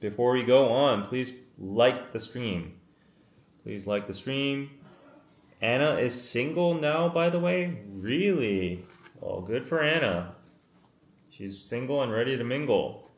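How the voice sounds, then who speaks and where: A man's voice: mid-range voice, takes it slowly. A man in his thirties hosting a casual live stream, chatty and apologetic as he reads out viewer comments, worn out after a day in the heat. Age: 30s. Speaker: live-stream podcast host. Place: makeshift room away from his usual setup. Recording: roomy, echoey room sound.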